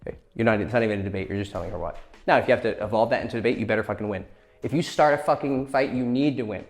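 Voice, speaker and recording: A man's voice: fairly low pitch, very fast. A man giving blunt, profane dating advice in a casual lecture, acting out quoted lines as he goes.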